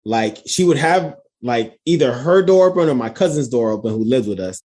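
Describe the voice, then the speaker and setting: A man co-hosting a podcast, telling a story in an expressive, giggly way. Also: medium pitch, moderate pace. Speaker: podcast co-host. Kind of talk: casual chat.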